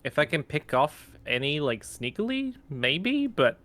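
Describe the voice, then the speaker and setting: A man's voice: fairly high pitch, big pitch swings, a little slow, fairly bright tone. A man playing a tabletop role-playing game, chatting casually and thinking aloud as he decides his moves. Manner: hesitant, thinks aloud with fillers and swearing. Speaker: player.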